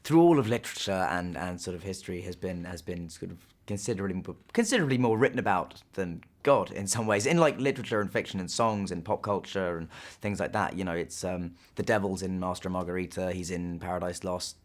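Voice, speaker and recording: A man's voice: deep voice, brisk. A young man in his twenties, an actor chatting in a press interview, rambling with many fillers and restarts. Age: 20s.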